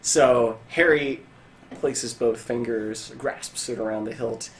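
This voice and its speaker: A man's voice: mid-range voice, slow, a little hiss or hum. A man game-mastering a tabletop game, narrating in a rambling way with lots of fillers and swearing.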